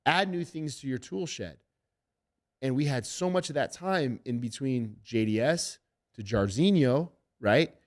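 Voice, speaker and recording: A man's voice: mid-range voice, unhurried. A middle-aged man, a fight coach, telling stories with heavy swearing in a casual podcast interview. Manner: animated, profane storytelling. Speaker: MMA head coach.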